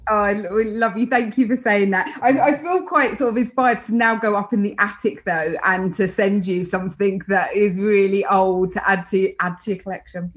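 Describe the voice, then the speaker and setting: A woman's voice: mid-range voice, steady tone, normal speed, hardly any pauses. A British woman talking as a podcast guest, hesitant with many restarts. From Britain. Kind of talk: casual chat.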